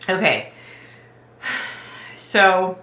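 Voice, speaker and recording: A woman's voice: on the low side, lively intonation, extremely slow, pushed and bright, roomy sound. A woman vlogger telling viewers about a psychic dream, hesitant and emotional, with frequent sighs and ums. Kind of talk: casual retelling to viewers.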